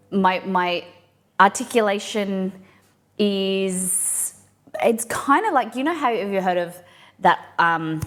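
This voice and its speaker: A young woman with a mild Australian accent, softened toward something more neutral, talking in a loose, rambling way as she hosts a live cooking stream. She answers her viewers' questions aloud in a mid-pitched voice, one thought running into the next. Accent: mild Australian, mixed and softened. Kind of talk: casual live-stream chat.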